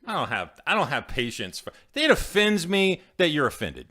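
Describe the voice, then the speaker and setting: A man's voice: a little high, huge pitch swings, moderate pace, bright, forceful tone. A man co-hosting a casual podcast, joking and playful, with mock announcer flourishes. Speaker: podcast co-host. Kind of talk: casual chat. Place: home podcast studio.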